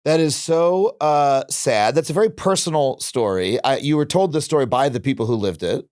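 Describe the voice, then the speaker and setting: Smooth-voiced reflective male podcast host. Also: medium pitch, animated, moderate pace, darkish tone, no echo, studio quality. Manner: reflective, many restarts and fillers. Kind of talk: casual interview conversation.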